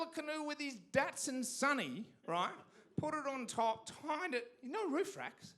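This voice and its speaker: Australian man, stand-up comedian, theatre stage mic, lively swooping delivery, bright tone. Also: very high-pitched, a little slow, hardly any pauses. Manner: animated storytelling with sudden loud punchlines.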